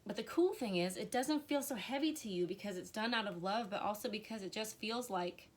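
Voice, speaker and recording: A woman's voice: mid-range voice, fairly quick. A woman reading tarot cards on a live stream, chatty and emotional, with many fillers. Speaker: tarot reader.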